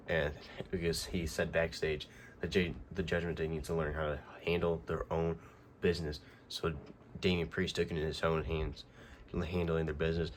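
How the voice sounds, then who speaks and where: A man with a deep, even, fairly monotone voice talks through a casual recap. He rambles and restarts his sentences, fills the gaps with "uh" and "um", and a faint hiss sits under him. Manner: rambling, many fillers and restarts. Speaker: wrestling recap host.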